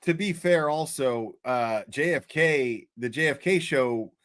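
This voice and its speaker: A man's voice: medium pitch, a little slow, a bit bright, no echo, clean studio sound. A man hosting a casual chat, laid-back, laughing and swearing as he talks.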